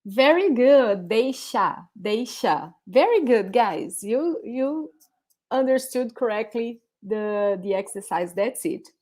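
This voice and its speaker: A woman's voice: fairly high pitch, animated, slow pace, dark tone. A woman with a Brazilian accent, a Portuguese speaker, teaching a live online pronunciation lesson, repeating words patiently for her students. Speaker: language teacher.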